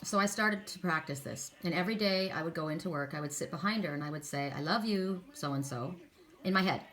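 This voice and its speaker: A woman's voice: lowish voice, a little fast, fairly bright tone. A middle-aged woman reading oracle cards, chatting earnestly and telling stories with many asides. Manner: chatty, earnest, storytelling with many "you know"s. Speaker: oracle card reader. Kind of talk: casual spiritual talk.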